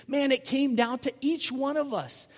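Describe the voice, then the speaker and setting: A man's voice: very high-pitched, normal speed, in a large hall, voice pushed up. A man voicing a young islander man who has just come to faith, speaking eagerly and plainly. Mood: earnest. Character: earnest young islander man, new believer.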